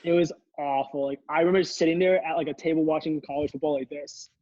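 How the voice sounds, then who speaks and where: A man's voice: fairly high pitch, steady tone, fast, warm tone, no echo, muffled recording. A young man, a podcast co-host, telling a long story in casual chat, rambling and laughing, with many restarts. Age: young adult.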